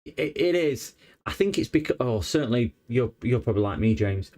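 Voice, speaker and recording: A man's voice: medium pitch, expressive, normal speed, a little mellow. A man chatting casually on a repair livestream, rambling and hesitant with many fillers. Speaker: electronics repair streamer.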